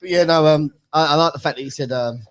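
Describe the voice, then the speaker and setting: A man's voice: a little high, fast talker, a little hiss or hum. A man telling funny stories in a casual chat, acting out quoted lines. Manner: animated storytelling, acts out quotes. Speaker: guest.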